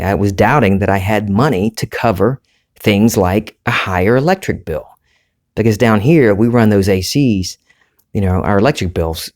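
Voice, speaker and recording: A man with a Southern US accent, hosting a solo podcast and talking in a relaxed, rambling, conversational way. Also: lowish voice. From Southern United States. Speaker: podcast host. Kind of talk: reflective solo podcast monologue.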